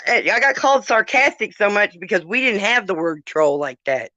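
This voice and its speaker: A woman's voice: medium pitch, big pitch swings, moderate pace, sharp tone, dry recording, muffled recording. A middle-aged woman hosting a podcast, chatting casually in a sarcastic, swearing storytelling manner. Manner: sarcastic, swearing, laughs while telling stories. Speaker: podcast host. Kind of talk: casual chat.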